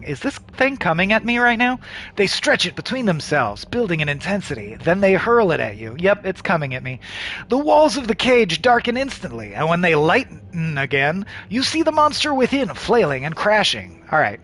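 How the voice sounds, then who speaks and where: A man's voice: high-pitched, very animated, normal speed, fairly bright tone. A man hosting a comedy show, playing a video game and reading its text aloud with jokey, self-mocking asides.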